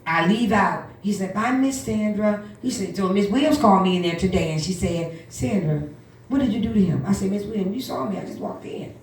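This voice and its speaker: Animated woman testifying in church. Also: medium pitch, fairly quick, slight background noise. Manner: animated storytelling with quoted voices. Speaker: minister. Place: church hall. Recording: echoey room from far off.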